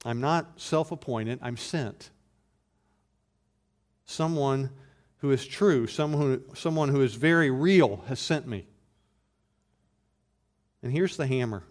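A man preaching an expository sermon, building from steady explanation to loud emphatic bursts, with frequent restarts. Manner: rises to loud emphatic bursts, then drops low and slow; repeats words in restarts. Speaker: pastor.

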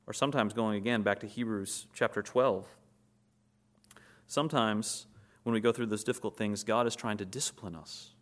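Lower-voiced male pastor preaching. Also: normal speed. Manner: rhetorical questions, rising to emphatic peaks. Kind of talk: sermon.

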